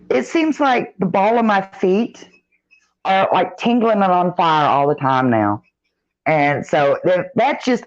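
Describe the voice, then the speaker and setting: Reading comments from her live chat, a middle-aged woman greets viewers by name in a folksy, drawn-out manner and keeps things casual. Her pitch is low, and the recording has its highs cut off.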